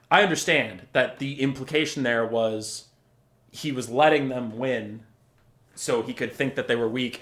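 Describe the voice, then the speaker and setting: A man's voice: medium pitch, sharp tone, roomy sound. A man hosting a game-lore video, ranting in exasperation and swearing freely. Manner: exasperated, profane, acts out characters' lines.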